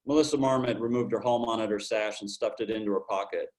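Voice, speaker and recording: A man's voice: fairly low pitch, fairly even intonation, fast talker, a little mellow, low-quality recording. A man at home reading his first-person detective story aloud over a video call. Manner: hard-boiled storybook narration. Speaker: open mic reader.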